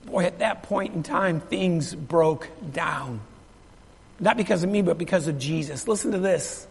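A man's voice: fairly high pitch, a little slow, creaky, breathy edge. A middle-aged male pastor telling a story in a sermon, emphatic and repeating his phrases while asking the congregation questions. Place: church sanctuary. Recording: long reverb of a large hall.

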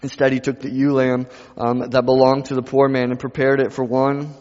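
A male pastor preaching a sermon, moving from quiet passages to loud ones and repeating phrases for emphasis. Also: mid-range voice, monotone, moderate pace. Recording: dull sound with long reverb in a hall.

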